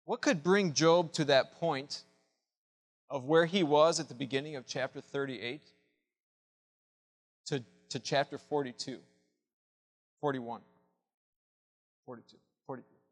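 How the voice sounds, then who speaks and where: A man preaching a sermon with passion, dropping to a hush and then rising to loud cries. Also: on the high side, a little slow, long pauses, in a large hall. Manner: impassioned preaching, swinging from hushed to loud. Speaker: pastor.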